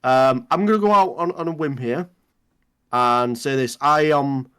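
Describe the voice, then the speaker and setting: A man's voice: medium pitch, unhurried, a bit bright, clear, resonant tone. A man co-hosting a movie news podcast, talking casually with many hesitations and restarts, often agreeing. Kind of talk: casual chat.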